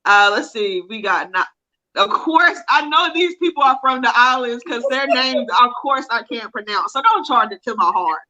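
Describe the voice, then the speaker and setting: Woman, host, upbeat, reads viewer comments, bright tone, slightly high voice. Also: expressive, normal speed, lo-fi sound. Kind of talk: live online interview.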